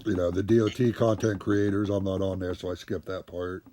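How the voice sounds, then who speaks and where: A man's voice: low-pitched, steady tone, fairly quick, warm tone, a little hiss or hum. A man from Ohio hosting his live stream and joking and teasing his guests in casual chat. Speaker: streamer, truck driver.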